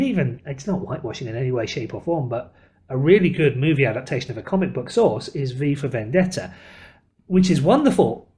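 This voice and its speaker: A man's voice: mid-range voice, a little mellow. A man with an English accent co-hosting a casual podcast, opinionated and wordy, with a joking side. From England. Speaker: podcast co-host.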